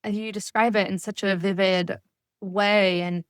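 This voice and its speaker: A woman's voice: mid-range voice, flat delivery, unhurried, clean tone, dry recording, studio quality. A woman hosting a podcast interview, thinking aloud in a rambling, self-correcting way. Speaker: podcast host.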